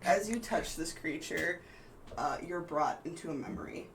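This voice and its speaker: A man's voice: a little high, normal speed, over a noisy crowd, low-quality recording. A man narrating a tabletop game as game master, loose and full of fillers, with faint room ambience.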